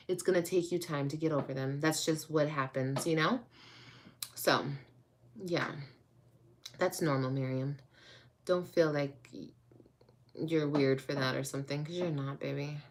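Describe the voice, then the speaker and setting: A woman vlogger chatting casually with her viewers and answering their comments, frank and rambling, and calling them babe and girl. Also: low voice. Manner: rambling, with restarts.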